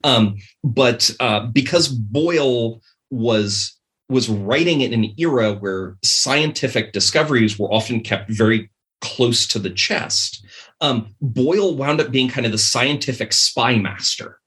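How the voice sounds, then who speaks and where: A man's voice: medium pitch, a little slow, fairly bright tone. A man guest on a podcast, chatting casually and rambling, with many ums and restarts. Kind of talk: casual chat.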